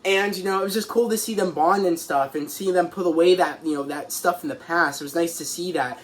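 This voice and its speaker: A man excitedly recapping a TV episode as a reviewer, rambling and restarting as he goes. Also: sits high, a little fast. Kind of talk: casual recap.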